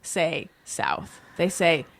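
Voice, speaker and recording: A woman's voice: lowish voice, steady tone, drawn-out words, heavy background noise. A woman hosting a comedy podcast who chats casually, laughs often and bubbles with enthusiasm. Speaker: podcast host.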